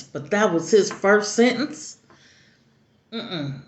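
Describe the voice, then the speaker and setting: A middle-aged mother telling a personal story in an earnest, halting way with many restarts. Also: mid-range voice, fairly bright tone, a little hiss or hum. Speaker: mother sharing advice. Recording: roomy, dull lo-fi recording.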